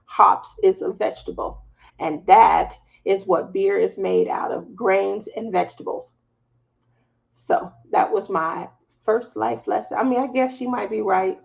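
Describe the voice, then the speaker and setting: A woman's voice: mid-range voice, a little slow, vocal fry, darkish tone. A woman with a Southern US accent hosting a craft live stream, chatting casually and telling stories with laughs in between. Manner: chatty, laughing, storytelling asides. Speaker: craft channel host. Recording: slightly dull lo-fi audio.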